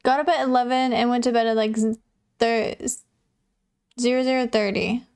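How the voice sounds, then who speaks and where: A woman's voice: a little high, fairly even intonation, moderate pace, darkish tone, smooth. A young adult woman livestreamer chatting casually with viewers, swearing freely and laughing often. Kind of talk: casual chat reading viewer messages.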